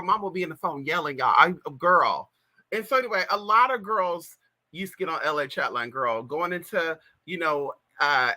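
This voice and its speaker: A woman's voice: sits low, bright, forceful tone. A trans woman in her thirties from California, telling a gossipy story on a casual livestream and talking straight to her viewers with lots of "girl" and "y'all" asides. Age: 30s. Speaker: livestream host. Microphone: plug-in mic on a live stream.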